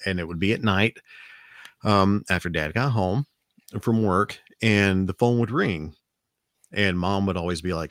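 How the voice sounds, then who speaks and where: A man's voice: low voice, measured pace, fairly bright tone, dry recording, studio quality. A man from the American South with a Southern accent, telling a rambling family story in casual chat, with frequent restarts. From Alabama, US South.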